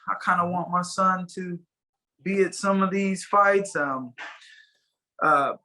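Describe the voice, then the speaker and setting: A man's voice: high-pitched, sharp tone, poor audio. A man being interviewed as a fighter guest, talking casually and rambling with many fillers and restarts over a video call.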